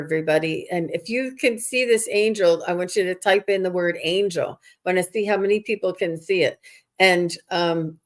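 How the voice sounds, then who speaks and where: Slow-talking woman hosting a live stream. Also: lowish voice. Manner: enthusiastic, unhurried. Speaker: host.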